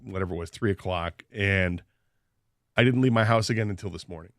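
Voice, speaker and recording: A man's voice: deep voice, brisk, a bit bright, no room sound, clean studio sound. A man hosting a radio show, telling a story in casual banter and laughing often.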